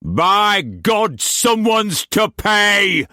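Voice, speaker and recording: A furious, bellowing old sea captain, shouting in a rough country dialect. The voice is pushed high and strained with anger. It sounds dry and close to the microphone. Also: male voice, lively intonation, slow pace, dry recording. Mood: raging. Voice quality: loud rough dialect, roaring.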